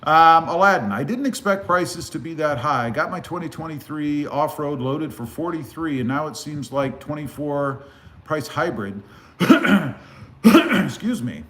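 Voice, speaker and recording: A man from South Texas hosting a casual car livestream on a phone, reading viewer comments in a relaxed, rambling way. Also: fairly high pitch, unhurried. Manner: relaxed, rambling with many fillers. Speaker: car channel host. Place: live stream over phone.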